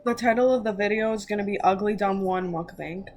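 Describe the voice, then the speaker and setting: A woman's voice: mid-range voice, a little slow. A young woman chatting casually at home while she eats on camera, rambling and mocking herself. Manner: rambling, self-mocking, talks while eating. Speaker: mukbang vlogger. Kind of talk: casual eating-show chat.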